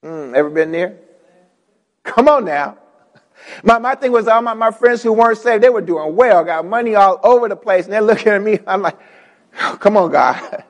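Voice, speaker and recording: A man preaching from the pulpit with a very high voice. He calls out to the congregation, circles back on his words, and builds to shouts. His voice rings with the long reverb of a church hall. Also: lively intonation, moderate pace, pauses often. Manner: call-and-response preaching, repeats words, rising to shouts. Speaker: pastor. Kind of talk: preaching a sermon.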